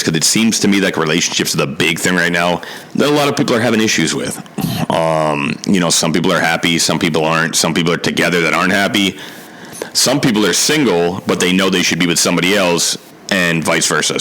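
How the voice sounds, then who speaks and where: A man's voice: deep voice, sharp tone, poor audio. A man in his thirties from Connecticut, hosting his own podcast and talking candidly and earnestly about his life, swearing now and then. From Connecticut, USA. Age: 30s. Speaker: podcast host. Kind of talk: casual solo podcast monologue.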